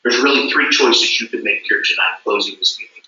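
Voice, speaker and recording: A man's voice: lowish voice, a little fast, sharp tone. A man giving a motivational stage speech at a company event, emphatic and repetitive. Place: large event hall. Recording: echoey hall from far off, dull.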